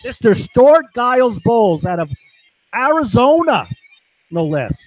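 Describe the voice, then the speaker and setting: A man's voice: extremely high pitch, very animated, unhurried, low-quality recording. A man ranting angrily and rambling about his grievances, swearing often. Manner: profane, agitated. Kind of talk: angry personal rant.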